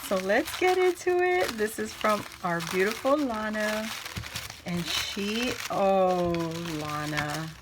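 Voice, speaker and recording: A middle-aged woman talks at an unhurried pace as she opens craft mail at home. She gushes and repeats her words when something delights her, in a voice of ordinary middle pitch. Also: noisy background. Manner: gushing, excitable, repeats words. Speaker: crafting channel host. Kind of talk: casual unboxing vlog.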